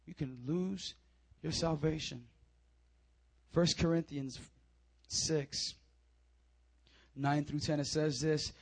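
A young man preaches a sermon in a church, his voice sitting high for a man. He surges into loud, urgent appeals, then drops into quiet, confiding asides as he tells his own story. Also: fairly even intonation, takes it slowly, vocal fry, pauses often, dry recording. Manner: impassioned preaching, swinging between loud urging and low confiding asides. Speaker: pastor. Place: church sanctuary.

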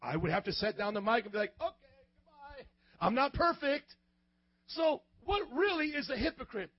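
A young youth pastor with a very high, light voice preaches to a church youth group. He is animated and slangy, acting out the voices of the people in his examples and often rising to a shout. The recording sounds muffled and lo-fi. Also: normal speed. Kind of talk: youth sermon.

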